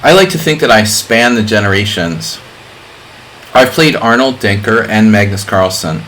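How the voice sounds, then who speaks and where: A man's voice: fairly low pitch, lively intonation, normal speed, a bit bright, a little hiss or hum, low-quality recording. A middle-aged man streaming chess, chatting casually in a rambling way with lots of fillers. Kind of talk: casual live-stream chat.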